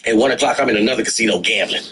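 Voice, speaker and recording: A bright-voiced middle-aged man spins a loose, profane story in casual podcast talk. He jumps into his old lines as he tells them, keeping things lively. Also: on the low side, rapid-fire. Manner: animated and profane, acting out his own past lines. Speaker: guest storyteller.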